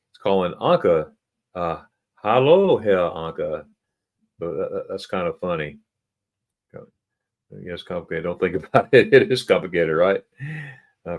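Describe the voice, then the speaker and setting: Low-voiced guy hosting a livestream, reads chat out loud, stumbles and repeats words a lot. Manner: halting, repeats words, chuckles often. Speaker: livestream host. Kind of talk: casual livestream chat reading comments.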